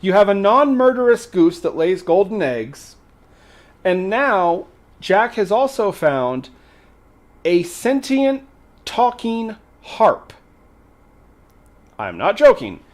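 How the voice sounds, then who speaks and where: A man hosting a livestream, retelling a folk tale in a casual way with animated, exasperated banter aimed at the chat. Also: sits high, slow pace, long pauses. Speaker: host.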